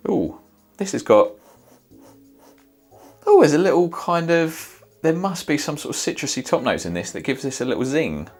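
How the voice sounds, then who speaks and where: A man's voice: fairly high pitch, very animated, normal speed, long pauses, darkish tone, faint music behind. A man casually reviewing fragrances, thinking aloud with many fillers and reacting as he smells each one. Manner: sniffs and reacts in the moment.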